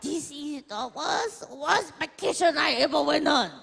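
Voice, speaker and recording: A woman doing a shrill impression of a melodramatic older mother who wails her complaints in broken English. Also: lively intonation, measured pace, vocal fry, fairly bright tone, full character voice. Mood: whining. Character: fussy older immigrant mother, melodramatic, self-pitying. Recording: live hall with audience noise.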